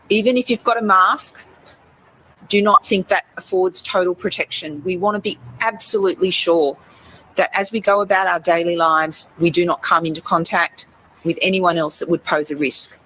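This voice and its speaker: A woman's voice: lowish voice, fairly even intonation, fairly bright tone, slightly rough, rough recording. Earnest Australian woman health official. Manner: measured, earnest, deliberate. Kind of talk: official public announcement.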